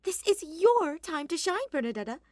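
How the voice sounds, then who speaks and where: A woman's voice: very high voice, sing-song, normal speed, darkish tone, no echo, studio quality, voice pushed up. A woman voicing a dramatic, formal young woman who speaks theatrically, in a storybook reading.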